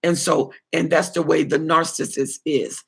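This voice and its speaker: A man's voice: on the high side, level tone, measured pace, creaky, husky. A man, a pastor, answering viewer comments on a livestream in a preachy way, repeating phrases for emphasis.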